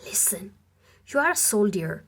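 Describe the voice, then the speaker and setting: A woman voicing a scheming, ambitious noblewoman who talks insistently, at times dropping to a hush. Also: mid-range voice, very animated, moderate pace, husky.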